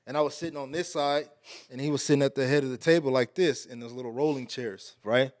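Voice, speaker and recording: A man from Texas, a podcast guest, telling a story in a casual, slangy, animated way. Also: fast talker, dry recording, clean studio sound. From Alief, Houston, Texas. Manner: animated, slangy, getting louder and higher as the story builds.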